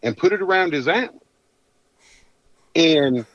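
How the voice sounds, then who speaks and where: A man's voice: fairly high pitch, expressive, unhurried, fairly bright tone, dry recording. A man, a podcast guest telling a hunting story in a folksy, rambling drawl. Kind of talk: casual storytelling. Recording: dull dry lo-fi audio.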